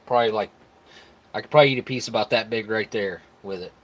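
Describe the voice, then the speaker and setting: Speaking quickly in a fairly low voice, an American man from the United States runs a live stream. He reacts to comments from viewers in a casual, rambling, easygoing way, frequently starting over and laughing.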